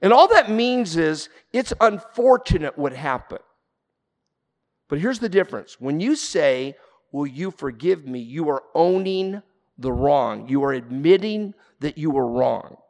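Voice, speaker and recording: Gravelly-voiced preacher man in a reverberant hall. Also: fairly high pitch, animated, unhurried, a little mellow. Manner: earnest preaching, rising to emphatic peaks. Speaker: pastor. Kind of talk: sermon.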